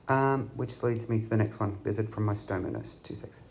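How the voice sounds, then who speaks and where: A man's voice: on the low side, brisk, vocal fry, darkish tone, a little hiss or hum. An Australian man recovering from surgery, chatting to camera from a hospital bed in a rambling way with many ums. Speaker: patient vlogger. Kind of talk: casual chat to camera. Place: hospital room. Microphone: camera at bedside.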